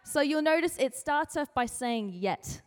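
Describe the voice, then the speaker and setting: In a large hall that gives her voice a long reverb, a fairly high-voiced woman delivers a relaxed, casual youth devotion. She's chatty and playful, putting on comic voices for the people she quotes, and speaks a little slowly.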